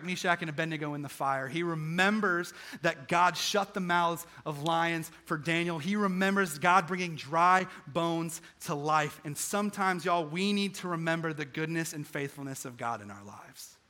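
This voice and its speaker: Bright-voiced young preacher. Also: male voice, on the high side. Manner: earnest storytelling with repeated phrases, rising to emphatic peaks. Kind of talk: sermon. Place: stage in front of a live congregation.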